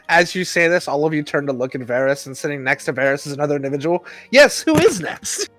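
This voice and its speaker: A man's voice: a little high, fairly even intonation, fast, a bit bright, faint music behind. A man narrating as game master for an online tabletop game, with a wry, laughing delivery.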